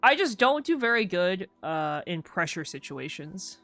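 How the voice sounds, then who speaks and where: Over faint background music, a young woman streams a game and chats in a lowish, sing-song, unhurried voice with a bit of brightness. She wanders through rambling stories, leaning heavily on the word "like."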